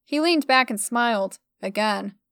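Female storyteller, fairly high, smooth voice, expressive first-person reading. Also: a little slow, dry recording, studio quality.

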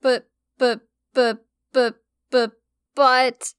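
A woman's voice: high voice, takes it slowly, fairly bright tone, no room sound, studio quality. A woman voicing a giddy, whiny teenage girl who squeals and stammers when upset, in an audiobook story. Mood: tearful stammer.

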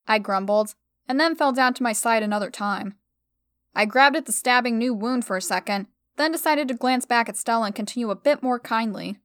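A woman reads a first-person story aloud in a brisk, sardonic audiobook style. Her voice sits slightly high and sounds smooth and clear. It is recorded close and dry, with no room sound. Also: fairly bright tone, no echo. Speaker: narrator.

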